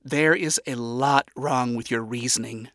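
A man voicing a blunt, skeptical woman who lectures her friend in a measured way. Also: medium pitch, fairly bright tone, no room sound, studio quality, natural voice. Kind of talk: audiobook character voice.

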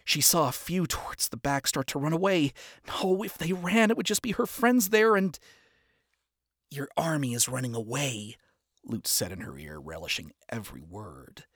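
A man narrating a dark story aloud with an expressive, dramatic delivery. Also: fairly high pitch, moderate pace, dry recording, studio quality.

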